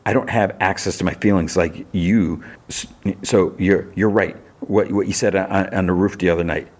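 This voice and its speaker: A man voicing a guarded, tough adult woman agent while retelling a TV episode, his voice lifted a little higher. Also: steady tone, normal speed, a little mellow. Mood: tense.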